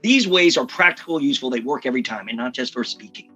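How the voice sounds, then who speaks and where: A man coaching on public speaking in a podcast interview, with a bright, forceful edge and a husky grain in his voice. He talks emphatically and jumps into short impressions to make his point. A faint music bed runs underneath. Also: mid-range voice. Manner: energetic, emphatic, slips into quick impressions. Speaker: communication coach.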